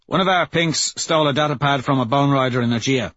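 A serious male soldier commander who delivers his report in a flat, businesslike way, voiced by a man reading aloud. The voice is husky and mid-pitched. It was recorded close and dry, with a slightly dull sound. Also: fast, dry recording, natural voice. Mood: grim.

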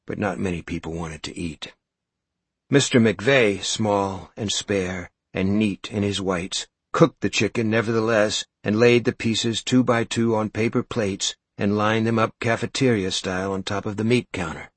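A man reading a story aloud as narrator, with a measured, suspenseful delivery. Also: on the low side, fairly even intonation, breathy edge, no echo. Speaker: audiobook narrator. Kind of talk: scripted narration.

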